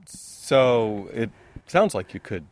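A man's voice: medium pitch, sing-song, slow, a little hiss or hum. A man interviewing a guest, asking questions hesitantly with many ums and agreeing often. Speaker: radio interviewer.

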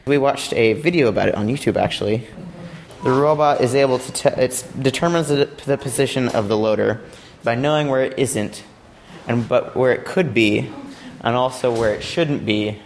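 A man's voice: mid-range voice, normal speed, creaky, slight background noise. A young man from a robotics team giving a casual, rambling explanation of a competition robot, with playful asides.

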